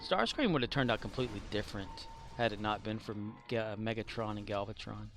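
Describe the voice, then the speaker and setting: A man's voice: fairly low pitch, brisk, fairly bright tone, slight background noise. A man livestreaming, casually telling family stories in a rambling way with fillers. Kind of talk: casual storytelling on a game stream.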